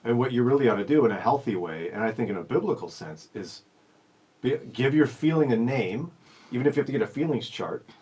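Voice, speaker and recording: A man's voice: mid-range voice, darkish tone. A man hosting a radio show, talking in an easygoing, teasing and reflective way in casual chat. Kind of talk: casual live-stream chat.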